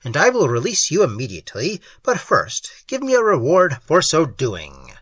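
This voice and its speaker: Pushy flattering officer, read by a man, bright and husky, dry sound. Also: fairly high pitch, normal speed, dry recording, exaggerated voice. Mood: insistent. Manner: coaxing, insistent. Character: persistent male officer, smooth flatterer.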